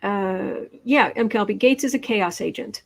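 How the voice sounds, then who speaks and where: A woman hosting a casual tarot livestream, chatting in quick asides and reading out viewer comments. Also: mid-range voice, gravelly. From Midwestern United States.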